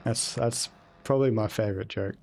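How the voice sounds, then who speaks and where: With a low-ish, darkish voice marked by vocal fry, a young man talks fairly quickly while live-streaming a video game. His chat is casual and laid-back, wandering from topic to topic and full of profanity.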